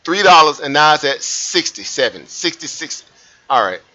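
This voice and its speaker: A man hosting a live trading stream, talking viewers through a price chart in an animated way, repeating points and asking rhetorical questions. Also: a little high, moderate pace. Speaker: trading livestream host. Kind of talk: live market commentary over a chart. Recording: muffled lo-fi stream audio.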